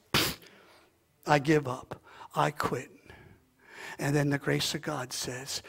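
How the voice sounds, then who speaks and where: A male pastor preaching a sermon, swinging from hushed, near-whispered passages to loud, impassioned declarations. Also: on the high side, little pitch movement, slow, creaky, long pauses, slightly rough.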